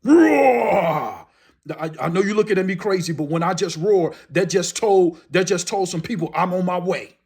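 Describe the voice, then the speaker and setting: A man's voice: high-pitched, steady tone, brisk, few pauses, darkish tone, husky. A man giving a motivational speech as host, talking emphatically and repeating his key phrases for effect. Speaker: motivational speaker.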